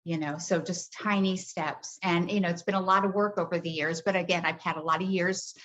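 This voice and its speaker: A middle-aged woman, a grief coach, talking in a soft, heartfelt way with many hesitations in a podcast interview. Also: lowish voice, fairly even intonation, a little fast. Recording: dull lo-fi audio.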